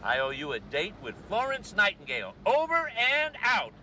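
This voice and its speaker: A man's voice: high-pitched, huge pitch swings, normal speed. A man playing a playful young guy signing off on a radio, in a noisy, distant film clip. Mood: joking.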